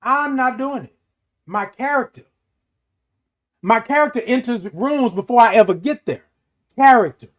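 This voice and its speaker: A man with a notably high voice delivers a motivational morning talk. He presses his points home with emphatic repetition and a preaching rhythm. He sounds middle-aged and speaks as the show's host. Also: normal speed, pauses often, a bit bright.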